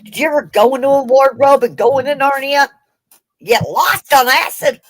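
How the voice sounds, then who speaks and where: A woman's voice: sits high, normal speed, no room sound, poor audio. A woman from Minnesota chatting casually on a livestream, joking and swearing, laughing often. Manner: joking, profane, laughs a lot. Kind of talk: casual chat.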